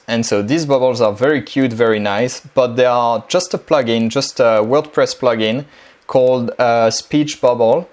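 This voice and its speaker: A man, giving a relaxed, chatty screen-share tutorial on building a language-learning dialogue. He explains things casually, often pausing on um and uh. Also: medium pitch. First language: French.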